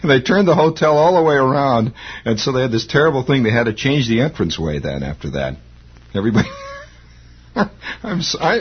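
A man's voice: medium pitch, breathy edge. A male radio host telling rambling stories, chuckling as he talks, on a lo-fi old radio recording. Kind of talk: nostalgic storytelling.

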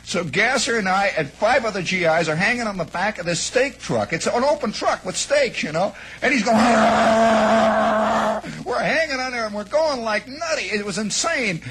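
A man from the American Midwest telling a long, animated personal story, rambling and acting out the shouts and lines of the people in it. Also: high-pitched, brisk, few pauses, noisy background. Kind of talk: spoken anecdote, radio monologue.

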